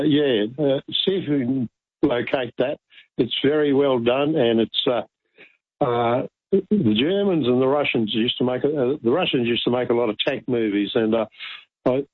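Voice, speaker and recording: A man's voice: medium pitch, dry recording. Hesitant man on a tinny phone line. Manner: hesitant, halting.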